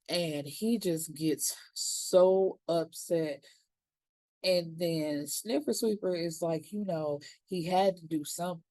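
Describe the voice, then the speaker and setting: A TV series reviewer recaps an episode in a relaxed, slangy style, acting out characters' lines along the way. She speaks slowly in a fairly low, warm, mellow voice, recorded dry and close with no room sound.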